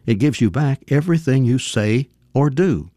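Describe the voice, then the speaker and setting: A man voicing a calm, wise father speaking gently and steadily to his son. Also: medium pitch, moderate pace, no room sound, studio quality, lightly acted. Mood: gentle.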